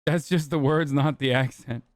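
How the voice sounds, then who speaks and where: Male streamer, smooth voice, slightly high, dry sound, crude sarcastic humor. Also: fairly even intonation, moderate pace, dry recording. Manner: profane, joking, sarcastic. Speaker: streamer host. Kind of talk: casual livestream reaction.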